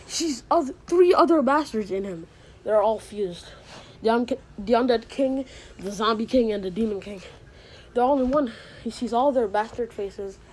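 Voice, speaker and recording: A woman's voice: a little high, normal speed, darkish tone, a little hiss or hum, low-quality recording. A woman casually retelling a made-up fantasy story, rambling with many fillers, restarts and asides.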